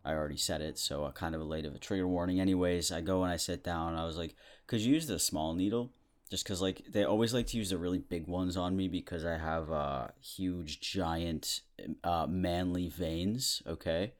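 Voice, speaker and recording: A man's voice: low-pitched, fairly even intonation, normal speed. A young man in his twenties hosting a podcast, rambling through a casual comedic monologue and chuckling often. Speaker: podcast host.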